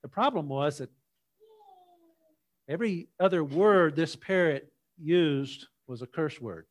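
A male pastor preaching a sermon in church, opening with a folksy, unhurried joke story before his teaching. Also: on the high side, expressive.

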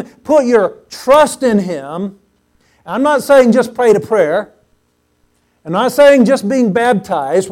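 High-voiced preaching man, emphatic. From Pacific Northwest US. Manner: emphatic, repeats phrases for stress, swells loud on key words. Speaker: pastor. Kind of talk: sermon. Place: church sanctuary before a congregation.

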